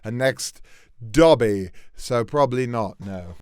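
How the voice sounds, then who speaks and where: Casting: chatty self-mocking man, strained voice, slow and lively, dry close mic. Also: medium pitch, clear, resonant tone, dry recording. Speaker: comedy youtuber. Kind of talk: casual self-commentary between impressions.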